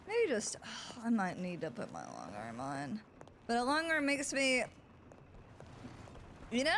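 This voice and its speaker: A woman streaming a roleplay game, chatting casually to her viewers in an animated, giggly way. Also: medium pitch, slight background noise.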